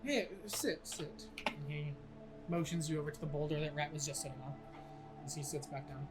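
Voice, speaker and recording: A man's voice: a little high, flat delivery, fast. A man runs a tabletop game as its game master, describing scenes in a loose, casual way. He swears freely. Music plays behind his voice.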